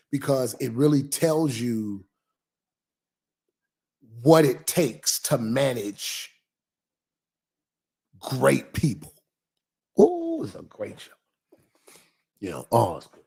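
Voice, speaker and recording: A husky-voiced man talks loosely on a livestream as a pastor. He is animated and repeats his points, stopping to read viewer comments aloud. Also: mid-range voice, slow pace, long pauses. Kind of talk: casual livestream chat.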